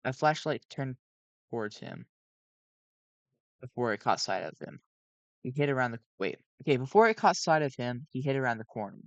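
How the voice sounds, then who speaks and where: A man's voice: mid-range voice, expressive, normal speed, vocal fry, long pauses, no room sound, lo-fi sound. A sleep-deprived man reading a fan story aloud on a cheap home mic, often stumbling and correcting himself. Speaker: fan reader. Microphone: cheap home microphone.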